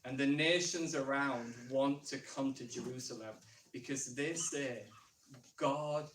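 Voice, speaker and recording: A man's voice: medium pitch, a little slow, fairly bright tone, slight background noise. A man with a Northern English accent giving a sermon in a conversational way, posing questions as he thinks aloud. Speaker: preacher. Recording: echoey church room from far off.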